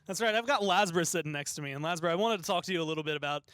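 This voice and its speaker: High-pitched guy interviewing a player, rambly questions, dry sound. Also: racing, a bit bright, smooth, no echo.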